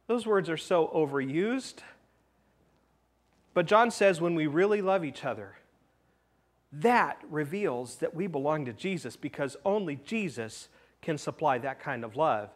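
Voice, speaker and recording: Lively male pastor preaching a sermon. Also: on the high side. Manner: lively, swings from loud emphasis to quiet asides; playful joking asides. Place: church sanctuary.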